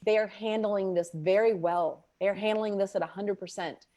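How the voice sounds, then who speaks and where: A woman's voice: mid-range voice, normal speed. A woman who runs a quilting business, telling stories emphatically in a casual group video chat. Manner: animated, emphatic storyteller.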